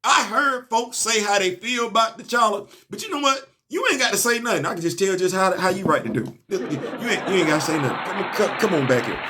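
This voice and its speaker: A young man, excitedly reviewing a comic in a casual, slangy monologue, laughing and stumbling over restarts. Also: high voice.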